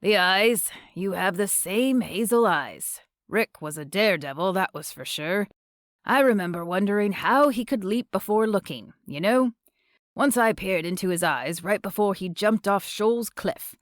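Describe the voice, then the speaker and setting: A woman voicing a gruff older male surf shop owner with a booming, put-on Australian accent and a laid-back, chatty manner, in an audiobook. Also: lively intonation, unhurried, no echo, studio quality, close to an everyday voice. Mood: reminiscing.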